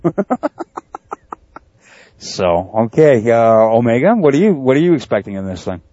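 A man's voice: medium pitch, sing-song, normal speed, mellow, dry recording. A man hosting a podcast in casual chat, laughing often and tripping over his words. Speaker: podcast host. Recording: dry, dull lo-fi mic.

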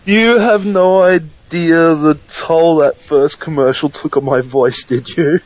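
A man's voice: fairly high pitch, slow, highs cut off. A man co-hosting a casual podcast, dry and wry in his remarks. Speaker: podcast co-host. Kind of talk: casual chat.

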